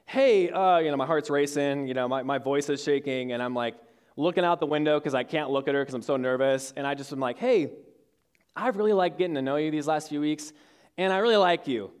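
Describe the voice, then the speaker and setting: A man's voice: on the high side, brisk, smooth. A young man in his twenties giving a casual sermon to young adults, telling a story with lots of fillers and restarts. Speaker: youth speaker. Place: church hall with audience.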